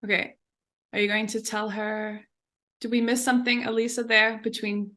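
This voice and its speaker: A woman's voice: on the high side, flat delivery, moderate pace, fairly bright tone. A woman hosting a live improv storytelling session, cueing each author in turn with brief encouraging remarks. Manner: brief encouraging interjections between turns.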